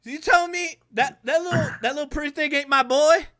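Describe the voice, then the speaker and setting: A man voicing an excitable old redneck father who whoops and drawls loudly. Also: very high voice, a little fast, pitched above the performer's own voice. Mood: blustering.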